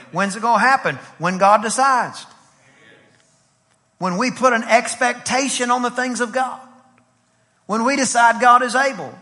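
A man's voice: extremely high pitch, sharp tone, in a large hall. A man, a pastor, preaching a sermon in a rhythmic style with repetition and acted-out stories. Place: church sanctuary.

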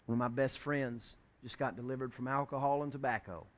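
A male pastor preaching a sermon, emphatic and joking, building up to shouted lines. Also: mid-range voice, fairly even intonation, fairly quick.

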